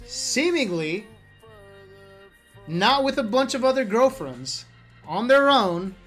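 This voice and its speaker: A man telling travel stories in a casual vlog, animated and profane, often laughing as he talks. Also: high-pitched. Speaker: esports player vlogger. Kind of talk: casual storytelling monologue.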